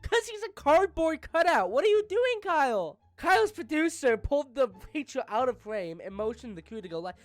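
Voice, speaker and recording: A woman's voice: sits high, sing-song, moderate pace, few pauses, no echo. A woman playing a text game, reading its lines aloud and adding playful, giggly asides. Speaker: gamer.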